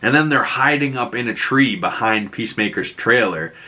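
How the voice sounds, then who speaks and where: A man with a Boston accent giving a casual, animated recap of a TV episode, swearing freely. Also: mid-range voice, normal speed. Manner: animated retelling with profanity and acted-out quotes. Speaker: show recap host.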